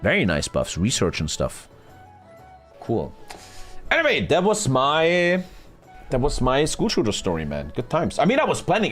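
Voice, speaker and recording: A man's voice: medium pitch, moderate pace, soft background music. A man, telling a story on a gaming live stream in a casual, profane way and acting out what others said. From Germany. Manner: animated, profane, retelling with acted-out quotes.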